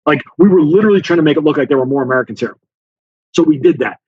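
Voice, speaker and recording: A man's voice: a little high, very fast, breathy edge, no room sound, narrow, tinny audio. A man being interviewed, telling a story with lots of fillers and acting out the dialogue. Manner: animated storyteller, acts out dialogue, many fillers. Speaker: guest author, former Special Forces officer.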